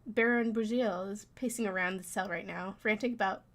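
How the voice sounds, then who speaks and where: A woman's voice: medium pitch, steady tone, brisk, fairly bright tone, natural voice. A woman voicing a blunt, offhand male prison guard in a game. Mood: mocking.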